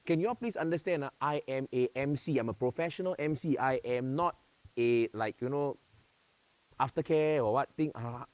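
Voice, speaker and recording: A man's voice: mid-range voice, moderate pace, darkish tone, no room sound. Singaporean male MC, jokey and chatty, mid-range voice, dry room. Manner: playful, chatty, mixing in slang; talking to dogs while presenting. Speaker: event host. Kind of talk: live-streamed event hosting.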